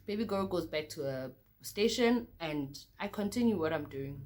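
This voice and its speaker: A young South African woman with a slightly low voice recounts her own story straight to her viewers. She keeps it loose and conversational, calling them "guys" and marking each new beat with a quick "okay, cool.". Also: lively intonation, darkish tone. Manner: chatty, addresses viewers as guys, repeats "okay, cool" between beats. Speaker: vlogger. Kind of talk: casual storytelling to camera.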